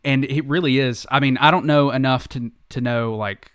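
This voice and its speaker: Male podcast host, lively storyteller, mid-range voice, dry recording. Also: medium pitch, normal speed, smooth, dry recording. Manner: animated storyteller, laughs often. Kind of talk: casual podcast chat.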